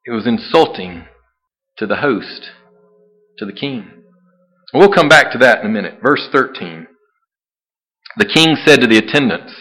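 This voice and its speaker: Bright-voiced man preaching a lively sermon. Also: medium pitch, a little slow, long pauses, slightly rough, poor audio. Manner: animated preaching, acts out quoted voices. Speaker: pastor.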